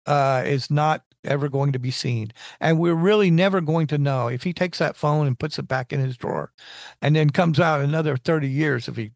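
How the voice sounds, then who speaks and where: A man's voice: a little high, moderate pace, gravelly, a little mellow, dry recording, studio quality. A man in casual technical conversation, rambling and restarting his sentences as he explains engineering ideas.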